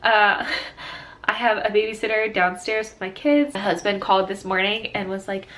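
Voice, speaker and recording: A young woman talking straight to the camera in a casual personal vlog, her voice thick with congestion and sniffles from crying. She rambles, trails off into fillers and starts sentences over, at a middle pitch for a woman. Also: steady tone, moderate pace, a bit bright. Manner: rambling, many fillers and restarts. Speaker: vlogger, stay-at-home mom.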